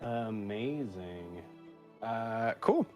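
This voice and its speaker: A man, the game master, giving dry, deadpan replies in casual banter. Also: fairly low pitch, drawn-out words, soft background music. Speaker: dungeon master.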